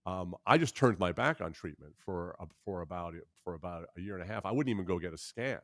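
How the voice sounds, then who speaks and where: A man in his sixties tells stories in a bright, forceful voice that sits a little low. He talks with halting restarts, then jumps into animated put-on voices for the people he quotes. The sound is close and dry, with no room around it. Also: no echo. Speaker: interview guest. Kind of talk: candid storytelling conversation.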